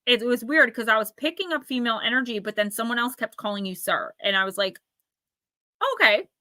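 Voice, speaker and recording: A woman's voice: fairly high pitch, pushed and bright, no room sound. Chatty New Jersey woman in her forties. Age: 40s. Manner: chatty, talks to viewers by name, quick asides. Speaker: tarot reader hosting a live stream. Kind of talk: live-stream intuitive reading.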